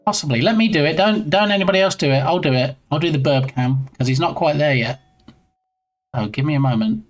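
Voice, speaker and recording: A man's voice: on the high side, fairly quick, soft background music. A man chatting casually on his game development live stream, playful and reading viewer messages aloud.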